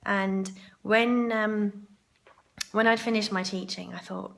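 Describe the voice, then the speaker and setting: A woman's voice: mid-range voice, steady tone, slow pace, gravelly, fairly bright tone. A woman vlogging to camera in a chatty, rambling way, her throat sore and groggy. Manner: chatty and rambling, with asides to herself. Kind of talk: chatty vlog monologue. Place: hotel ladies' room for part of it.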